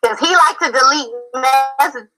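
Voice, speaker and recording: A woman with a high, bright voice talks over a call, confrontational and emphatic, hammering the same points over and over. She comes from Philadelphia, and faint music plays behind her. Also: a little slow, low-quality recording. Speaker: panel guest. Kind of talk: heated live-stream call-in.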